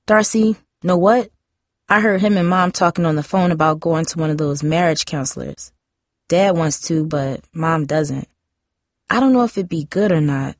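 A woman reading a novel aloud, voicing a defensive, chatty fourteen-year-old girl with high, emphatic outbursts. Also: normal speed, no room sound, clean studio sound. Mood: earnest.

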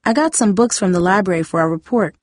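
A woman's voice: medium pitch, fast talker, darkish tone, no echo, clean studio sound, close to an everyday voice. A woman voicing an earnest, studious teenage girl in a storybook reading. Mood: eager.

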